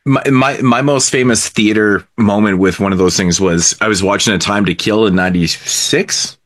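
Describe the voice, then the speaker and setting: A man with a fairly low voice tells a story in casual chat. He is blunt and swears freely, talking like he's among friends. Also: normal speed, a bit bright. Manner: blunt, heavily profane storyteller. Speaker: podcast co-host.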